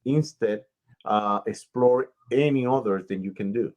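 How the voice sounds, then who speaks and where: A man who hosts a radio interview show and also manages talent gives long, casual advice, explaining things slowly and at length. His voice is on the low side with a darkish tone.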